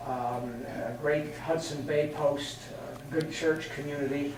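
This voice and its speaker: An older man from England gives a chatty, anecdotal talk, his voice sitting a little high for a man. He is picked up from a distance in a very echoey hall, with a faint hiss of noise underneath. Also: steady tone, measured pace. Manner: anecdotal, chatty, laughs at his own stories. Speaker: guest speaker. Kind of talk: storytelling talk. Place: meeting hall.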